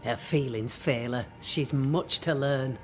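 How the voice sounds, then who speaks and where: An actor playing a stern, proud village leader in a game, speaking in a measured, authoritative way. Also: male voice, medium pitch, soft background music, lightly acted. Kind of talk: game dialogue.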